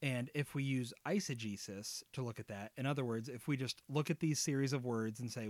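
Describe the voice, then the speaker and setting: A man's voice: mid-range voice, fairly quick, few pauses. Guy teaching bible stuff, earnest and explaining things, bit jokey, medium voice, dry sound no echo. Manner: earnest, explanatory, lightly humorous.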